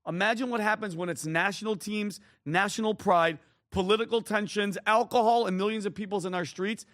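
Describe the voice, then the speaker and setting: A man's voice: high voice, steady tone, brisk, fairly bright tone, no room sound, studio quality. A man co-hosting a talk show, giving heated, emphatic political commentary and directing the screen operator. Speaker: co-host.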